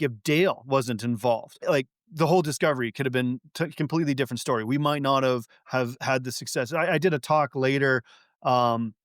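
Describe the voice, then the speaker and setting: A man in casual conversation as a podcast guest, talking in an animated, rambling way full of fillers and restarts. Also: mid-range voice, dry recording, clean studio sound.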